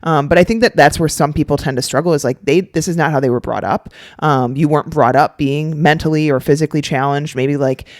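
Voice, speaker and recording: A woman's voice: low voice, fairly quick, hardly any pauses, darkish tone, no echo, studio quality. A woman co-hosting a podcast in casual chat, rambling with fillers and restarts. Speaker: podcast co-host.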